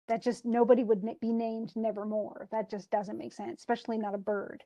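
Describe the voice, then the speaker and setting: Teaching a literature class, a woman with a high-leaning, warm voice talks briskly through a poem in a flat delivery. She's chatty, restarts often, and paraphrases in a casual way.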